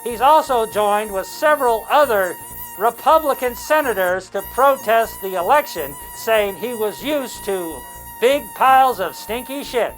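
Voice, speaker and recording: A woman's voice: a little high, lively intonation, unhurried, faint music behind, poor audio. A woman voicing a fly news reporter in a comedy news parody, chirpy and mock-serious.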